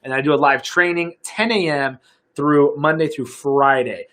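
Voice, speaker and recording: A young American man coaching fitness on a live stream, his voice sitting a little high for a man. He talks casually and upbeat, rambling with fillers and restarts as he pitches a product to viewers. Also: normal speed, fairly bright tone. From United States.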